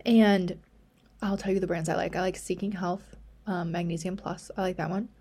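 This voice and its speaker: A woman hosting a solo podcast, talking casually in a chatty, rambling way, often dropping to a soft near-whisper for quick asides. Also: lowish voice, fairly even intonation, breathy edge. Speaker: podcast host.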